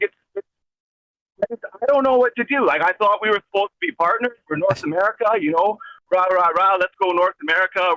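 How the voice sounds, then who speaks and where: A man calls in from his vehicle and rants. His voice is bright and a little high, and he talks in an agitated, cursing stream full of restarts. The sound is dry and close. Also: no echo, lo-fi sound. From Canada. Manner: agitated, swearing, rambling rant with many restarts. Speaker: caller. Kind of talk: heated phone call. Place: in a vehicle driving.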